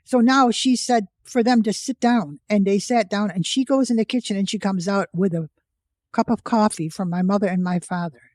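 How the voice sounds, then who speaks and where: A woman's voice: mid-range voice, normal speed, darkish tone, no room sound, clean studio sound. A woman in her eighties from the United States, a podcast guest telling her life story and acting out the voices of the people in it. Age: 80s. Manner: vivid storyteller who acts out quoted voices. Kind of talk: personal storytelling.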